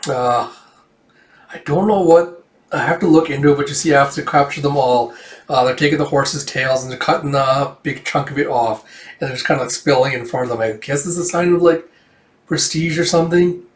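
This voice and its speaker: A man's voice: fairly high pitch, a little fast. A man casually reading through a comic, rambling with fillers and acting out the dialogue. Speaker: manga reader. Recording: echoey room, distant mic.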